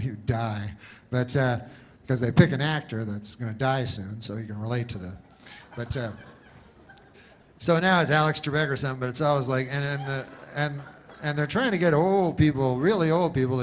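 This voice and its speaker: A man doing a stand-up comedy set, rambling and deadpan, halting with many restarts. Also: medium pitch, a little hiss or hum.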